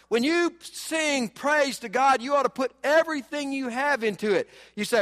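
High-voiced preacher in a reverberant hall. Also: male voice, normal speed, few pauses. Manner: animated, swings between loud urging and low asides. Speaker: pastor. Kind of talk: sermon. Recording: long reverb of a church hall.

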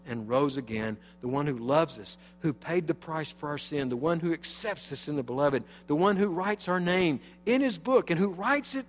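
A male pastor preaching a sermon, emphatic, swinging from loud to hushed. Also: mid-range voice, long reverb tail, a little hiss or hum. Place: church sanctuary.

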